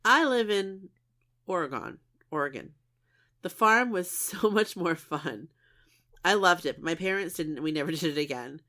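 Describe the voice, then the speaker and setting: A woman's voice: lowish voice, moderate pace, pushed and bright. A woman co-hosting a casual podcast, chatting with her friend and reading listener stories aloud. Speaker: podcast co-host.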